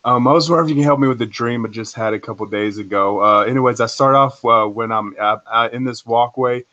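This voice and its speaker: A man's voice: medium pitch, fast talker, pushed and bright. Rambling male caller on a dull line. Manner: rambling, many fillers and restarts. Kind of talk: casual storytelling.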